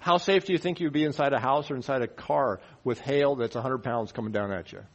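Man preaching with loud emphatic bursts. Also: mid-range voice, a little fast, highs cut off. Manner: conversational, full of rhetorical questions; swings between quiet asides and loud emphatic bursts. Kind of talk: sermon.

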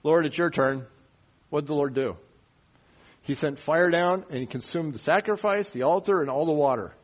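In a fairly high-pitched voice and at a fairly quick clip, a man preaches conversationally. He asks rhetorical questions and veers between quiet asides and loud, emphatic outbursts.

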